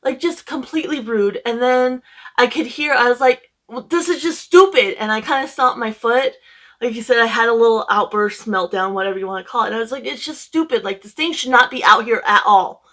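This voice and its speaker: A young woman retells her day to camera in a loose, rambling way, full of fillers and emotion. Her voice sits a little high, and she talks casually from home. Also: brisk, sharp tone. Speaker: book vlogger.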